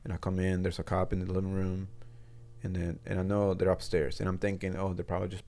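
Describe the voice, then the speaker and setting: A man with a low, gravelly voice and a dark, mellow tone, telling a personal story as a guest in a studio interview. He speaks in a halting, earnest way, often circling back and restarting his sentences. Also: completely flat delivery.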